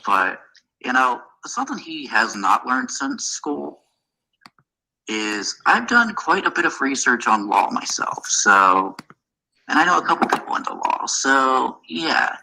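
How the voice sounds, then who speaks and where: Guy guest on a stream, super bright tone, bouncy pitch, picks his words carefully. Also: huge pitch swings, unhurried, vocal fry, rough recording.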